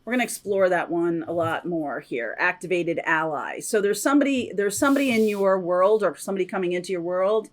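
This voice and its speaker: A woman's voice: lowish voice, lively intonation, fairly quick, hardly any pauses. A woman giving a casual, chatty tarot reading to her viewers, talking intuitively with many fillers and asides. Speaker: tarot reader.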